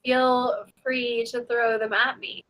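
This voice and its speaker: A woman's voice: on the high side, level tone, slow pace, fairly bright tone, low-quality recording. A woman player in a tabletop role-playing game, chatty and giggly, thinking aloud. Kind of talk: casual play chat.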